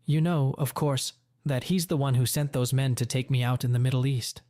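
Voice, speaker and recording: A man's voice: mid-range voice, fairly even intonation, moderate pace, mellow, no room sound, studio quality, natural voice. A man voicing a blunt, confrontational middle-aged father in a story reading. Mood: angry.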